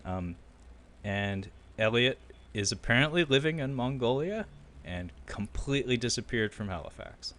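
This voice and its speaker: A man's voice: medium pitch, normal speed. A man co-hosting a film podcast, retelling a documentary in casual chat and acting out quotes. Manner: animated storyteller, acting out quotes with loud bursts and laughter. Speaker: podcast co-host.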